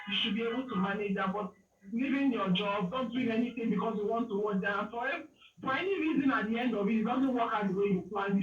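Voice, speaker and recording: A man from Nigeria calls in to a talk show and gives calm advice, often checking that he is understood. His voice is high for a man. The line is dull, echoey and distant. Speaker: caller. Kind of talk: phone-in opinion.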